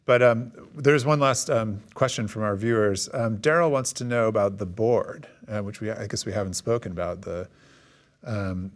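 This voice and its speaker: A man moderating a webinar, reading out a viewer's question with relaxed hesitation. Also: on the low side. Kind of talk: webinar discussion.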